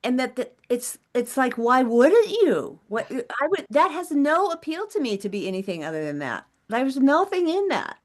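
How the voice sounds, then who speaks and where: A woman's voice: high-pitched, big pitch swings, normal speed, few pauses. A woman co-hosting a talk show, speaking in a rambling, enthusiastic way. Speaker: co-host. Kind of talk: casual chat.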